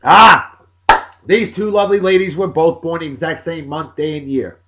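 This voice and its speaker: Man, 40s, somewhat high voice, jokey, loud bursts and mumbled asides, casual vlog shout-outs. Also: steady tone, normal speed, highs cut off, background noise. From Massachusetts, USA. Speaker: video blog host.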